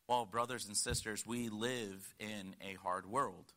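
A man in his thirties from Connecticut preaching a sermon, telling stories earnestly, rising to emphatic points and dropping to quiet asides. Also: fairly low pitch, fairly even intonation, unhurried, few pauses. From United States (Connecticut). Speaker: guest preacher.

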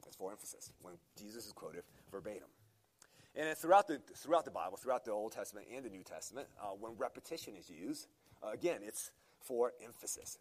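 A man preaching a sermon, opening with prayer and then teaching from scripture in an earnest, emphatic way, often restarting his phrases. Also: fairly low pitch. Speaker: pastor.

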